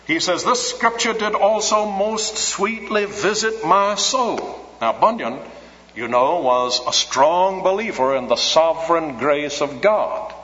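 A man's voice: medium pitch, a bit bright. A man preaching a sermon, earnest and teacherly, repeating his scripture text for emphasis. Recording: dull lo-fi recording in an echoey hall.

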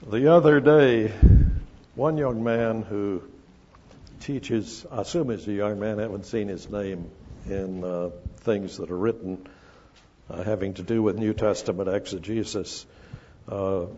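Slow, emphatic older male preacher. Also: on the low side, steady tone, darkish tone, slight background noise. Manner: slow, emphatic, stresses scripture word by word. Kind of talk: expository sermon. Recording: dull lo-fi recording.

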